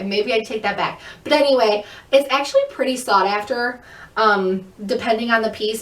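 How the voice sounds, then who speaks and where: A woman chatting quickly and upbeat as she shows off a thrift haul in a casual vlog. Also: fairly high pitch, fairly bright tone. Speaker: thrift reseller vlogger. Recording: echoey room, mic at a distance.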